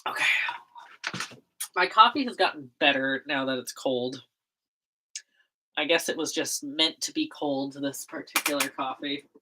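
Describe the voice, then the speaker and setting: A woman's voice: low-pitched, a little slow, pauses often, noisy background. A woman chatting casually on a livestream while she makes a zine, rambling with frequent laughs and self-corrections.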